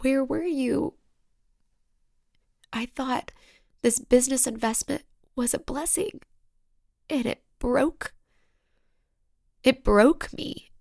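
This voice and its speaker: Slow, gravelly woman confiding. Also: high voice, dry recording, studio quality. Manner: emotional, halting, drops into whispers. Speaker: podcast host. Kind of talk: raw confessional solo podcast talk.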